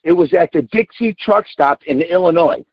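A man's voice: fairly high pitch, moderate pace, dry recording. Cussing trucker guy in his sixties, blunt and ranty, dull muffled phone sound. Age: 60s. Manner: blunt, profane and ranting. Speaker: trucker calling in. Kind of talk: casual call-in rant.

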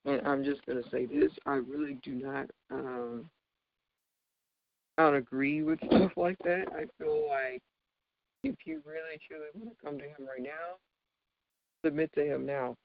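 A man's voice: on the high side, measured pace, gravelly, long pauses. A man giving an informal, earnest faith talk, emphatic and chatty, with lots of fillers. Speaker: devotional speaker. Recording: dull dry lo-fi recording.

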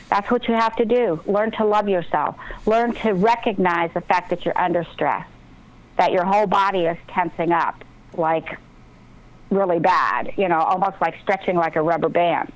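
A woman's voice: mid-range voice, normal speed, low-quality recording. A woman talking as an author guest on a radio interview, earnest and motivational. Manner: earnest, motivational, talks about breathing and intuition.

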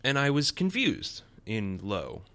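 A man hosting a podcast, reviewing a comic in a playful, excitable casual way. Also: medium pitch, takes it slowly. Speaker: podcast host.

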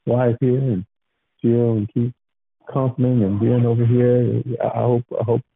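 A man's voice: mid-range voice, level tone, a little slow, gravelly, slightly rough, dry recording, phone-quality sound. A man praying on a phone prayer line, talking with emotion and repeating his thanks over and over. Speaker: caller sharing praise and testimony. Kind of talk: heartfelt phone prayer and testimony.

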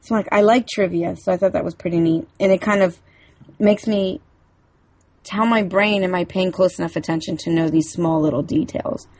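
A woman's voice: lowish voice, fairly even intonation, normal speed, darkish tone, no echo. A woman co-hosting a casual podcast, talking in a chatty, rambling way with lots of fillers. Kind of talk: casual chat.

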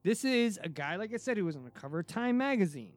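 A man hosting a podcast, telling a story in a casual, excitable way, with frequent restarts and casual swearing. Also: high-pitched, quick pace, dry recording, faint music behind. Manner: excitable, many restarts and fillers, swears freely. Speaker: podcast host.

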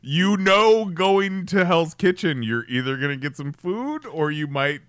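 A man's voice: on the high side, animated, a little slow, fairly bright tone, clear, resonant tone, no echo, clean studio sound. A man co-hosting a podcast, explaining a cooking show in an easygoing way. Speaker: podcast co-host. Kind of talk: casual chat.

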